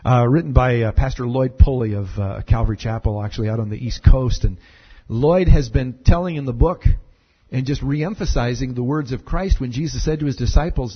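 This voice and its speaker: A man preaching a conversational sermon as pastor, chatty and animated, with many fillers and repeated words. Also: a little high, fast, slightly rough, dull audio.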